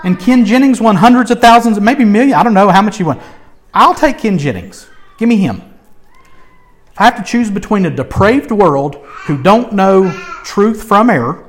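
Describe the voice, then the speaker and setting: Animated high-pitched male preacher. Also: normal speed. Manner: animated, emphatic, swings between loud urging and soft asides. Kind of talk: sermon.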